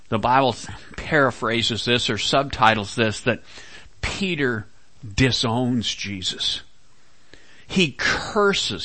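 A male pastor delivers a sermon at an unhurried, deliberate pace. His voice is bright and forceful, and the sound is dry and close, with little room echo. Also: mid-range voice. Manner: slow, dramatic delivery with quoted dialogue.

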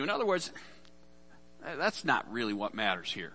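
A man's voice: a little high, huge pitch swings, moderate pace, sharp tone, soft background music. A man preaching a sermon as pastor, casual and conversational, acting out the voices in Bible stories.

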